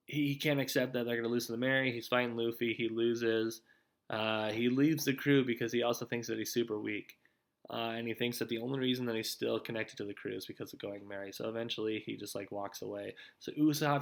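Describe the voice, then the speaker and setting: A man's voice: medium pitch, a bit bright. A young man hosting his own show, giving a rambling, casual recap of anime episodes, full of "like" and "dude". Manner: laid-back, rambling, heavy on "like" and "dude". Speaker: show host.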